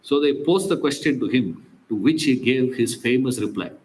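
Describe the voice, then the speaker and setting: A man's voice: medium pitch, animated, moderate pace, a little mellow, rough recording. A man teaching a scripture class, telling stories with emphatic rhetorical questions. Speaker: spiritual teacher.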